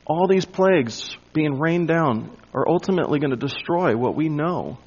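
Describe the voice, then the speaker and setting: A man preaching an expository sermon, emphatic and dropping to a hush on key points. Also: on the high side, animated, moderate pace, breathy edge, highs cut off. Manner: emphatic, drops to a hush for weight. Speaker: pastor.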